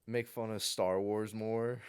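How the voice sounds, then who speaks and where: A man's voice: fairly low pitch, level tone, slow, smooth. A young adult man co-hosting a podcast in casual chat, joking crudely and laughing often. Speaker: podcast co-host.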